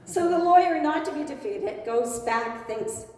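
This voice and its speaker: A woman's voice: high-pitched, lively intonation, moderate pace, a little mellow. A woman telling a joke to a congregation as a playful storyteller, laughing along with her own punchlines. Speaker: speaker at a spiritual center service. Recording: echoey hall, voice from far off.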